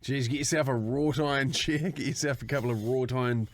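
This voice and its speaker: A man co-hosting a casual podcast, telling stories in an animated, sweary way. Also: medium pitch, a little fast. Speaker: podcast co-host.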